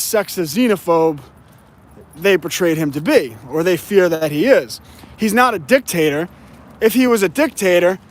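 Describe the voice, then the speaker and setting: A man delivering an opinionated political monologue, slowing down to stress his key points. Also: high-pitched. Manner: emphatic, slows down to stress key words. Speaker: political commentator.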